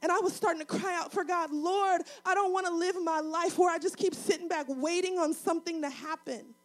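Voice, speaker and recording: A woman pastor with a strikingly high voice delivers a sermon. She preaches in a rhythmic, repetitive cadence and pushes into fervent appeals. She sounds middle-aged. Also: fairly even intonation, a little fast.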